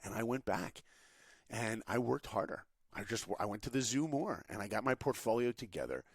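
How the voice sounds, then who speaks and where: Sex: man. Role: podcast guest. Style: motivational storytelling. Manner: animated and expressive. Pitch: fairly low. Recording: dry studio mic. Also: normal speed, breathy edge, no echo. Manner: animated, acts out quotes.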